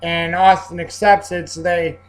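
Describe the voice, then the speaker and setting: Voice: mid-range voice, flat delivery, a little slow, poor audio. A casual film reviewer with a mid-range voice talks through a plot in a loose, rambling way. The delivery is full of fillers and self-corrections. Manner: rambling, with frequent fillers and restarts. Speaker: movie reviewer.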